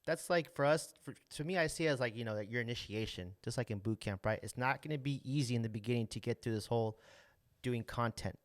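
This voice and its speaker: A man's voice: mid-range voice, fast, no echo. A man hosting a casual podcast as a real estate agent, talking loosely with many restarts and tag questions. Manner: loose, rambling, lots of restarts and "right?".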